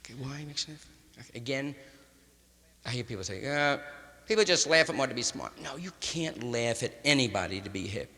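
Sharp, gravelly stand-up comedian in a hall. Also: male voice, medium pitch, animated, brisk. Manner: rambling hip jazz slang, drops "man" often. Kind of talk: improvised stand-up monologue. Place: large concert hall stage before a live audience. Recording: live 1961 concert hall recording with reverb and faint hiss.

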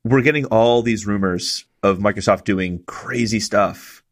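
A man's voice: fairly low pitch, measured pace. A man co-hosting a gaming podcast, enthusiastic and teasing his co-host. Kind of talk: casual gaming podcast chat.

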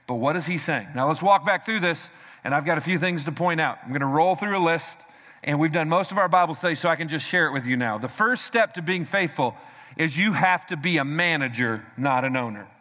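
A man with a high, bright, forceful voice preaches energetically to a congregation, punching his lines and calling for responses. His voice rings out through a large church hall with a long reverb. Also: animated, a little fast. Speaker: pastor. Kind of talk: sermon.

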